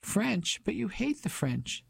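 A man voicing an indignant middle-aged wife in an audiobook, with a crisp, clipped, incredulous way of speaking. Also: high voice, big pitch swings, slow pace, no echo, voice pushed up, exaggerated voice. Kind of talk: audiobook character voice.

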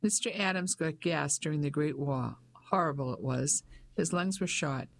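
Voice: mid-range voice, normal speed, gravelly, slight background noise, lightly acted. A narrator voicing a chatty older Englishwoman who runs a guesthouse, with a Cockney accent. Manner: chatty, homely. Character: older working-class Englishwoman innkeeper, chatty.

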